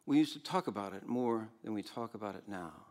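An older man preaching a sermon as pastor, animated, swinging between loud exclamations and soft asides, with frequent laughs. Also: lowish voice, fairly quick.

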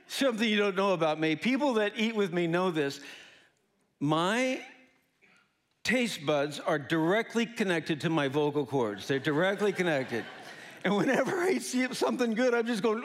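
A man from the Midwest telling a story in a sermon, animated, laughing often and acting out the people in it. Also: sits high, moderate pace. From American Midwest. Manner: animated, laughing, acts out voices. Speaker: preacher.

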